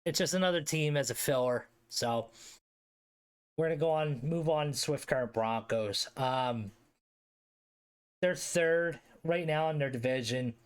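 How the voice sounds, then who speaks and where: A man's voice: a little high, measured pace, clean tone. A man with a Philadelphia accent hosting a live stream, ranking hockey league teams in a loose, slangy way, swearing and answering chat aloud. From Philadelphia area, US. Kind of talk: casual live-stream commentary.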